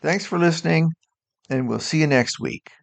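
A man, the show's host and writer, reading his own short story aloud in a friendly, steady way. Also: on the high side, moderate pace, creaky.

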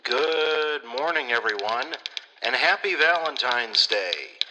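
Slow, rambling man in an echoey room. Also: mid-range voice, lively intonation. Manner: rambling and blunt, swears freely, many fillers. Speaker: podcast host. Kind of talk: casual solo podcast chat. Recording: echoey room with clear background noise.

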